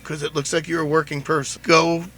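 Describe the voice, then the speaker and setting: A man's voice: a little high, level tone, fairly quick, bright, forceful tone. A man hosting his own show, telling a story in a chatty, rambling, joking way. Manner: chatty, rambling, jokey retelling with many "I said". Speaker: podcast host. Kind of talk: casual storytelling monologue.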